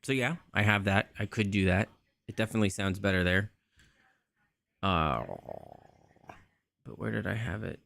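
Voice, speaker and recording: Adjusting his microphone settings, a male livestream host mutters casually to himself in a lowish, gravelly voice at normal speed. His tone is a bit bright, and he leaves long pauses.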